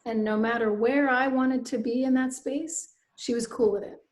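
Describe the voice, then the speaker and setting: A middle-aged woman from Nova Scotia, a writer speaking as a guest, telling a personal story in an earnest, reflective way that often drops into soft asides. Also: on the high side, steady tone, normal speed. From Nova Scotia, Canada.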